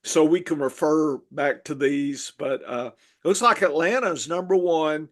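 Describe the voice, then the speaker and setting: A man's voice: a little high, measured pace, fairly bright tone. Chatty joking man hosting a podcast. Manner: rambling, jokey, talks over his co-host. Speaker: podcast host, fantasy football analyst. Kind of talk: casual podcast chat.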